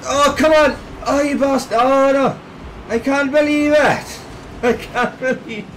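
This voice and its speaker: A man commentating his own gameplay excitedly, yelping, swearing and shouting at each play. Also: very high-pitched, unhurried, a little hiss or hum, low-quality recording. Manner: excitable, yelps and shouts at plays, swears, laughs often.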